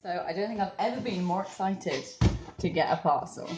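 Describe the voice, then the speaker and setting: A woman's voice: on the low side, animated, a little fast, dull audio, noisy background. A young woman chatting candidly in a video diary about her weeks abroad, laughing now and then and using lots of "like" and "um". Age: young adult. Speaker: vlogger, language assistant abroad.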